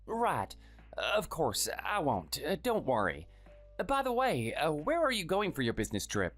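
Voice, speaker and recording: A man's voice: huge pitch swings, normal speed, a bit bright, faint music behind, full character voice. A man playing a timid, sickly husband in his thirties who is meek and apologetic. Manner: meek and apologetic, raised pitch. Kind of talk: dramatized story dialogue and first-person narration.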